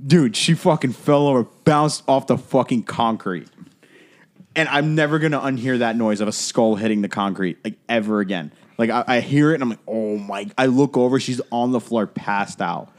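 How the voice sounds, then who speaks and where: A man's voice: medium pitch, normal speed. A young adult man co-hosting a podcast, telling a story in a rambling, profane way full of fillers. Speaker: podcast co-host. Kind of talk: casual storytelling chat.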